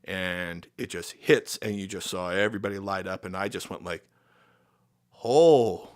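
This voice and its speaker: A man's voice: low voice, a little fast, no echo, studio quality. A middle-aged man with an American accent, telling band stories casually as a podcast guest and acting out quotes. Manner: animated storyteller, acts out quotes with sudden loud jumps. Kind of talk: casual storytelling chat.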